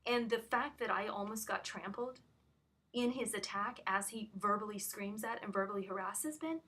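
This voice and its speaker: A woman's voice: medium pitch, moderate pace, fairly bright tone. A woman on a phone call, telling what happened in an agitated, rambling way full of restarts. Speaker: caller recounting an incident. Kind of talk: emotional phone conversation.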